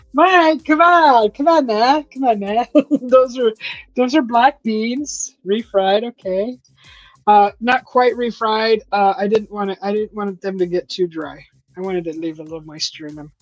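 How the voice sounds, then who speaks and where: A woman's voice: mid-range voice, unhurried, darkish tone, dry recording, rough recording. A woman hosting a casual live chat from her home kitchen, chatty and teasing, laughing often as she reads viewer comments. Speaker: host of a live chat stream.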